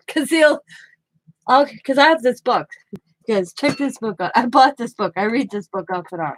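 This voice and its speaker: A woman's voice: on the high side, animated, a little slow, pauses often, dry recording, rough recording. A woman vlogging casually from her home craft room, chatty and laughing often as she retells conversations. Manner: retells conversations with quoted back-and-forth. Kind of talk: casual storytelling chat.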